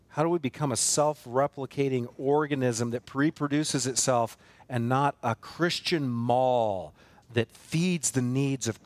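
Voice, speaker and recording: A man's voice: medium pitch, no echo. A man preaching a sermon as pastor of a church, earnest and emphatic, building force through repeated phrases and rhetorical questions. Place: church sanctuary.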